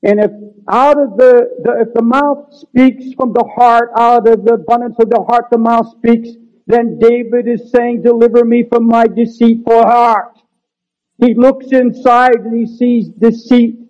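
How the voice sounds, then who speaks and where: High-voiced earnest male preacher. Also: level tone, measured pace. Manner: earnest, pleading preaching that rises to shouts. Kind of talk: sermon. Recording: dull lo-fi sermon recording.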